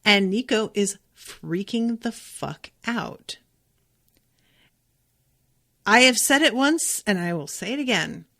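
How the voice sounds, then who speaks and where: A woman hosting a podcast, recapping a TV episode in a casual, emphatic way, with lots of fillers and the odd swear word. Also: mid-range voice. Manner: chatty and emphatic, with frequent fillers and occasional swearing.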